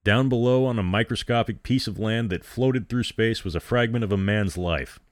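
A man reading a dramatic story aloud as host, in a measured, dramatic way. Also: fairly low pitch, no echo, clean studio sound.

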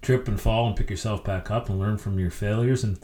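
A middle-aged man, a hockey coach, telling stories as a guest in an interview with a lively, anecdotal delivery. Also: fairly low pitch, brisk, roomy sound. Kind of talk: storytelling interview.

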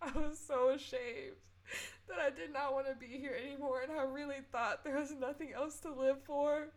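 A young woman hosts a personal podcast episode, her voice a touch higher than most. She talks with earnest, tearful sincerity. She leans into faith-filled encouragement for her listeners. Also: fairly even intonation, moderate pace. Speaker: podcast host.

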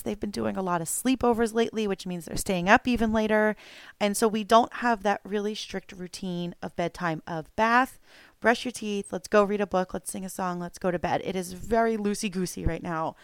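Solo podcast host, woman, 30s; candid and reflective, crisp tone, dry close sound. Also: medium pitch, dry recording. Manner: candid, reflective, self-correcting. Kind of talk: casual solo podcast talk.

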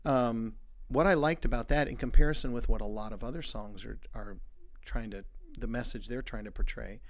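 A man joining as a guest in a casual discussion, explaining his thoughts in a measured way. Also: medium pitch. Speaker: guest, ministry colleague.

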